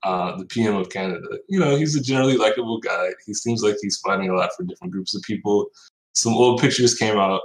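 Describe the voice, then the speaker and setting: A man with a low voice works through his argument step by step in a casual podcast talk. His voice echoes in the room around him. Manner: measured, reasoning step by step.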